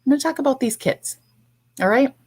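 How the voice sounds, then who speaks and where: Blunt, husky-voiced woman ranting. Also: sits high, animated, a little fast, a little mellow. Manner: blunt, profane, sarcastic. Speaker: livestream host. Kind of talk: ranting livestream chat.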